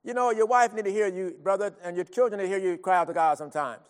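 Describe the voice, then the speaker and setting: A high-pitched man preaching with earnest, pleading fervor, dropping soft and then crying out loud. His voice hangs in a long hall reverb. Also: quick pace, clean tone. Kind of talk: sermon.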